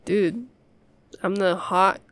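A woman's voice: mid-range voice, steady tone, very slow, dry recording. A young woman in a casual girlfriend role-play, rambling to her partner with frequent laughs and swearing.

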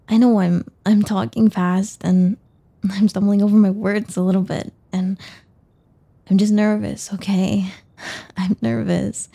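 A woman's voice: medium pitch, mellow, slightly rough, exaggerated voice. A woman playing a nervous, stumbling young woman. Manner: stumbling, hesitant, with many restarts. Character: shy, nervous young woman, awkward and self-doubting. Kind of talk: audio role-play.

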